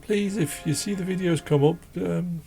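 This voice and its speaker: Casual host, a man with a gravelly, mellow voice, faint music behind. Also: sits high, moderate pace. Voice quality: croaky. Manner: rambling, chatty, self-deprecating, laughs often. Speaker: drawing channel host. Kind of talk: casual chat while drawing. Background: faint classical music.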